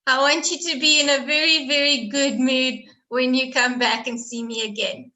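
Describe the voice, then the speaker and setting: A woman's voice: sits high, steady tone, normal speed, sharp tone, poor audio. A woman teacher running a quiz lesson, praising and encouraging her students.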